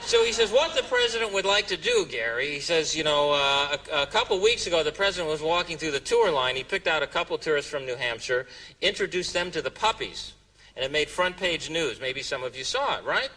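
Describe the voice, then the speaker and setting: A man telling a comic story on stage as a stand-up comedian, jumping into high squeaky voices for quoted exclamations. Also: animated, brisk, bright, forceful tone. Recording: distant mic, noisy room ambience.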